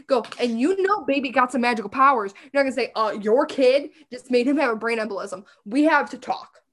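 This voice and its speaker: A woman's voice: on the high side, lively intonation, brisk, fairly bright tone. A woman co-hosting a podcast, casually recapping a TV episode with blunt, sarcastic, profane remarks. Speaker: podcast co-host.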